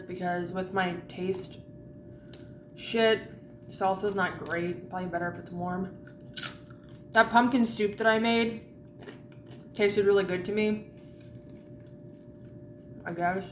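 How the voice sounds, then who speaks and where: A woman's voice: lowish voice, fairly even intonation, measured pace, long pauses, roomy sound, a little hiss or hum. A woman vlogger chatting casually while eating, rambling and candid with a lot of swearing.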